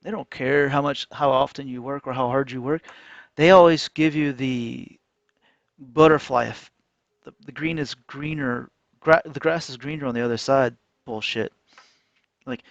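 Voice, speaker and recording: A man ranting casually while trading on a chart, animated and mocking. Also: mid-range voice, a little slow, long pauses, dry recording. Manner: animated, mocking voices, frequent laughs. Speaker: trading vlogger. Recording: dull lo-fi dry sound.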